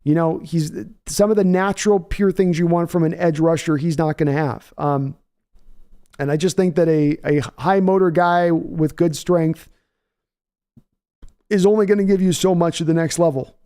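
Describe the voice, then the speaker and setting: A man's voice: a little high, steady tone, moderate pace, warm tone, clean tone. A man hosting a podcast who answers viewer questions in casual chat, thinking aloud and often restarting his sentences.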